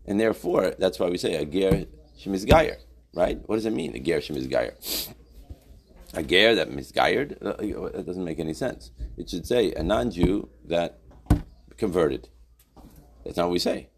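A man's voice: sits low, lively intonation, moderate pace. A middle-aged man teaching a Torah class in a conversational way, reading Hebrew source lines and explaining them in English, often adding "right?".

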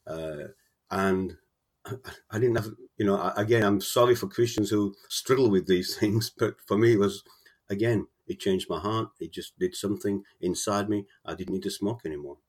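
A man being interviewed about his book, telling his faith story in a halting, earnest way with many repeated words. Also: on the low side. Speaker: author guest. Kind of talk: casual interview, personal testimony.

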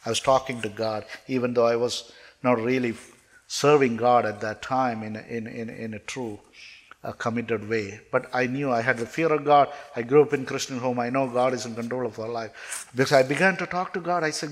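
A man's voice: medium pitch, normal speed. Male preacher, mid-range voice, heartfelt testimony delivery, stammered restarts. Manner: earnest, emotional storytelling with frequent stammered restarts. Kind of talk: personal testimony sermon.

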